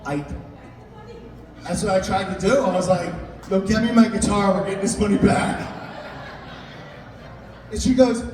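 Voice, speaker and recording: Young male comic, high voice, live set, booming hall reverb. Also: moderate pace, pauses often. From Italian-American family. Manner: animated, voices jumps up high and shouts in quoted outbursts; crowd work, teasing audience members. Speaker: stand-up comedian. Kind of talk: stand-up comedy set. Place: live comedy venue with audience. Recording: echoey hall recorded from far off, audience noise.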